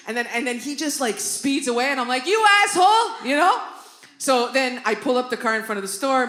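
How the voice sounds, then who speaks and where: A woman comedian from Canada performing a stand-up routine on a club stage, animated, with loud outbursts and constant asides to the crowd. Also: medium pitch. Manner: animated, loud outbursts, constant "right?" and "you know what I mean?". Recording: roomy live club recording with noise.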